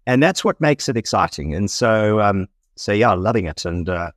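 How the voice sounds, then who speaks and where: A man's voice: on the low side, lively intonation, moderate pace, dry recording, studio quality. A middle-aged South African man with a South African accent, a fund manager guest talking in a rambling, self-correcting way and laughing easily. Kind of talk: conversational interview.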